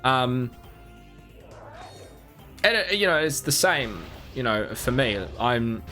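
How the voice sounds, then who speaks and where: A man's voice: medium pitch, sing-song, slow, bright, forceful tone, faint music behind. Rambling young man streaming a game. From New Zealand. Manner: rambling, self-mocking, lots of restarts. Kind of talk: casual gameplay chat.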